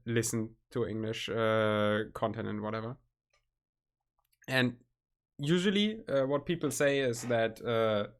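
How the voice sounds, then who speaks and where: A man with a German accent, a native German speaker, chatting casually on a stream, halting and searching for his words. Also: on the low side. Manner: halting, searching for words, nervous self-conscious laughs.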